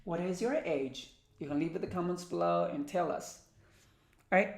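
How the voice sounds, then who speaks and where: A woman teaching English vocabulary, reading country names and numbers aloud one by one and slowly. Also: fairly low pitch, vocal fry, roomy sound. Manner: slow, careful word-by-word reading. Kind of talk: vocabulary lesson, reading word lists aloud.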